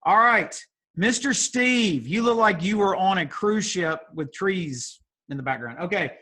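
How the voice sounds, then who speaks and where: Over a video call mic, a youth group leader with a somewhat high voice runs a casual session, teasing playfully and drifting into chatty asides. He sounds animated, pushed and bright, yet he's in no hurry.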